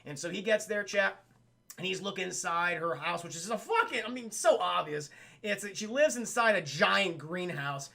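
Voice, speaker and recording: A man's voice: sits high, expressive, moderate pace, vocal fry, pushed and bright. A man casually recapping a cartoon on a live stream, rambling and swearing as he talks straight to his chat. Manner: rambling, profane, addresses chat.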